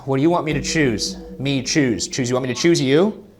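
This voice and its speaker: A man's voice: mid-range voice, fairly quick. A man hosting a ghost hunt in an old theater at night, alternating between a half-joking mock-angry improv performance toward a ghost and casual commentary. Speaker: ghost hunting show host.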